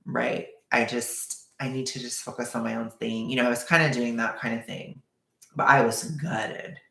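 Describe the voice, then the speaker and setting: Gravelly-voiced man telling a story. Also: medium pitch, steady tone, normal speed, pushed and bright. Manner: candid, emotional, rambling storytelling. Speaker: vlogger. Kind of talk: storytime vlog. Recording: echoey room.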